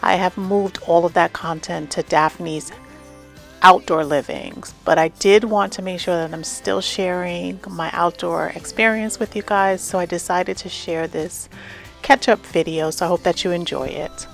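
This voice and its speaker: A woman's voice: fairly low pitch, fairly even intonation, a little slow, creaky, soft background music. A woman hosting a home and garden vlog, talking casually and enthusiastically while showing her porch outdoors. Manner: enthusiastic, chatty with fillers.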